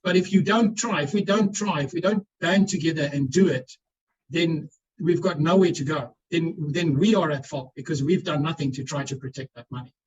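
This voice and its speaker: A man's voice: fairly high pitch, moderate pace, breathy edge, dull audio. A man speaking as a panellist on a webinar, answering questions earnestly and often repeating words as he restarts. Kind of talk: explanatory webinar talk. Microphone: video call.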